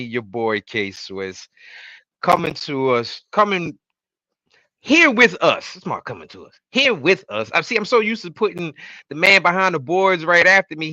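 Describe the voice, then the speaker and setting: A man's voice: fairly high pitch, sharp tone, dry recording, highs cut off. A man hosting a casual wrestling podcast, introducing his co-hosts like a hype announcer and swearing when worked up. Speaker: podcast host.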